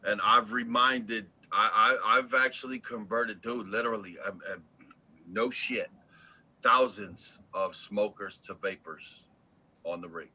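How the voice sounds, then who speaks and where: Blunt cussing oil rig boss, super bright sharp voice, casual chat. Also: male voice, fairly low pitch, measured pace, slightly rough, rough recording. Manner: blunt, profane, animated storyteller.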